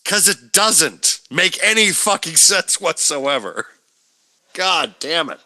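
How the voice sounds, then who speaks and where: Bright-voiced man ranting with heavy swearing. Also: fairly high pitch, big pitch swings, takes it slowly. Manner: profane, exasperated ranting. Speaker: podcast co-host. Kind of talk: casual wrestling chat.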